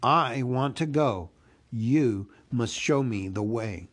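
A man's voice: medium pitch, lively intonation, takes it slowly. A man reading as a small impatient hobbit. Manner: firm, impatient. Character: small impatient male hobbit, plain-spoken. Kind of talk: storybook reading.

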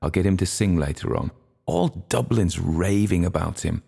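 A man's voice: low-pitched, moderate pace, vocal fry, mellow, breathy edge, heavily acted. A man reading a storybook voices a fussy, anxious elderly aunt hosting a party.

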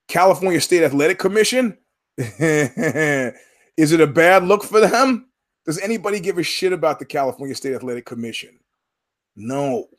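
Guy hosting a podcast, bit of a higher voice, cussing and repeating himself for emphasis. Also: expressive, moderate pace. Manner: profane, emphatic, repeats words for punch. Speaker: podcast host. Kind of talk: casual podcast commentary.

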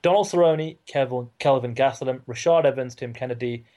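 British male co-host, warm, dark tone, brisk casual read. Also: mid-range voice. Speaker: podcast co-host. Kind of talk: casual chat, reading a fight card.

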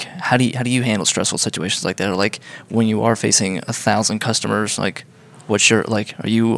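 A man's voice: fairly low pitch, vocal fry, fairly bright tone. A man interviewing a chef, asking long rambling questions filled with "like".

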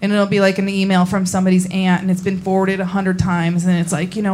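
Young woman comic from Indiana, dry deadpan delivery, live set with audible room noise. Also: mid-range voice, fast talker, hardly any pauses. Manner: deadpan storytelling, acts out quoted voices. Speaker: stand-up comedian. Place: comedy venue with a laughing audience. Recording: live show recording with clear audience noise.

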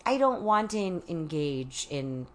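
A woman guest on an interview, telling stories in a casual, animated way, with many fillers and restarts. She acts out quotes as she talks. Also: on the low side, measured pace. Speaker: guest author. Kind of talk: casual conversational storytelling.

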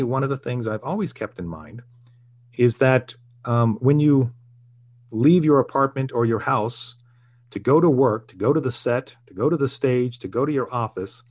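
An older man speaks in a relaxed interview, earnest and reflective. He tells his stories with a steady, middle-range voice. He keeps doubling back and restarting his sentences. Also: mid-range voice. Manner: reflective, earnest storytelling with frequent restarts and chuckles. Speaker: guest, TV writer and producer. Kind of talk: casual interview conversation.

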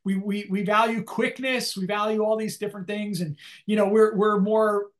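An older male economics professor, speaking in a relaxed, rambling way as an interview guest, with many restarts and fillers. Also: high-pitched, moderate pace. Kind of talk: conversational interview.

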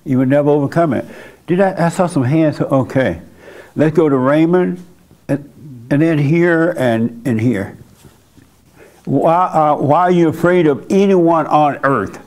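A male pastor hosting a church service, telling a story in a casual, animated way and laughing along with the room. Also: fairly high pitch, unhurried. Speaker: pastor and host. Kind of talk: sermon.

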